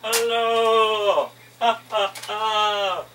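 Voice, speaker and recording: A manic, cackling male psychiatrist from Transylvania, as a man puts him on in a comedy vlog. He speaks with a put-on Transylvanian accent in a shrill, very high, bright voice. His delivery is theatrical and hammy. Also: fairly even intonation, drawn-out words, a little hiss or hum, full character voice.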